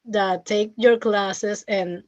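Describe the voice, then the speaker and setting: A young woman from Venezuela with a Venezuelan Spanish accent, speaking English as a second language, talking haltingly in a casual interview with many restarts and fillers. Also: medium pitch, fairly even intonation. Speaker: interview guest, former student. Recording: muffled lo-fi call audio.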